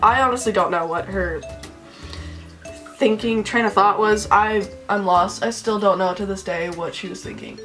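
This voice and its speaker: A young woman at a middle pitch tells a story in a chatty, emotional storytime style, leaning on "like" in nearly every sentence. Soft music plays faintly underneath. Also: normal speed. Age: young adult. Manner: says "like" constantly, chatty and emotional. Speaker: vlogger. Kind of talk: casual storytime.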